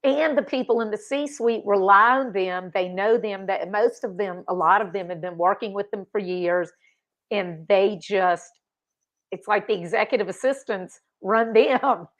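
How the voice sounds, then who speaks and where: A woman hosting an interview podcast in a relaxed, conversational style. She agrees readily with her guest and draws out the lesson for her audience. Her voice sits in the middle range for a woman. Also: mid-range voice, unhurried. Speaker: podcast host. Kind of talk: casual interview chat.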